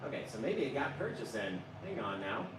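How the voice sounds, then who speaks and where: An enthusiastic man leads a live painting tutorial and keeps chatting with his viewers. His voice swings up and down with energy. It sounds roomy and a little far from the mic, with steady noise underneath. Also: on the low side, a little fast. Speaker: painting instructor on a livestream. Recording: roomy echo, voice a bit off-mic, noticeable background noise.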